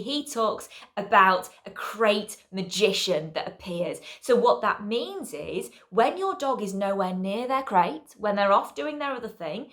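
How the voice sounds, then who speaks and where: A woman's voice: mid-range voice, fairly bright tone. A woman dog trainer teaching an online puppy class, chatty and explaining with frequent check-ins.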